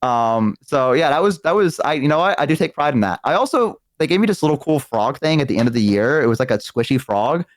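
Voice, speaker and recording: A man's voice: mid-range voice, brisk, hardly any pauses, dry recording. A man from the American South tells stories in casual chat. He swears freely and acts out each person in them. The voice sits close and dry on the mic. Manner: animated, profane, acts out quoted voices. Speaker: streaming guest.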